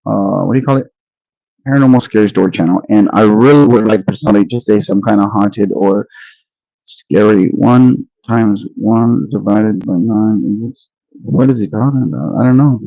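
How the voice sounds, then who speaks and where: A man's voice: lowish voice, moderate pace, creaky, warm tone, dry recording. Man rambling to his livestream viewers. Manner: rambling, addresses viewers directly. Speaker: livestream host. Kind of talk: casual live-stream chat. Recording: dull lo-fi dry sound.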